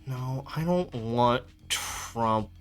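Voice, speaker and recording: A man's voice: medium pitch, very slow, faint music behind. A young man chatting casually on his stream, rambling, amused and laughing often.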